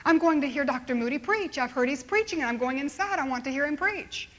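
Lady doing a grimy little homeless boy in a sermon story, earnest, kinda high voice. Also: lively intonation, fast, fairly bright tone. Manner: earnest, pleading. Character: ragged homeless little boy, eager and stubborn.

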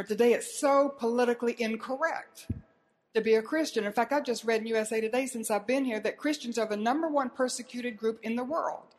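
A woman preaching a sermon in an earnest way, asking her listeners pointed questions and retelling scenes dramatically. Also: on the high side.

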